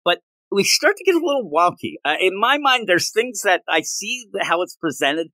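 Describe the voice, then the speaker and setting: Brief: lively male comics podcaster, bright tone, jokey riffing, dry close mic. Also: high voice, normal speed, dry recording. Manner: animated, jokey, puts on silly voices while riffing. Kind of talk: casual chat.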